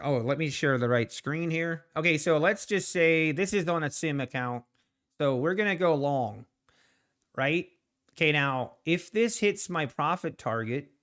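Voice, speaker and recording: Casting note: man, live trading streamer, unhurried delivery, clean resonant tone, a bit high-pitched. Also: a bit bright. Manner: rambling, talks to the market and to chat viewers. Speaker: trading livestream host. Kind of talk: casual live commentary while trading.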